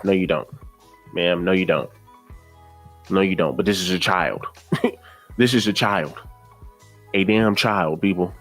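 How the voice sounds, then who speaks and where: A man with a fairly low voice reacts to clips for his stream. He sounds exasperated, circles back over the same points and keeps addressing his chat directly. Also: moderate pace, long pauses, soft background music. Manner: exasperated, repeats himself, talks to chat as "guys". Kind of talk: casual reaction commentary.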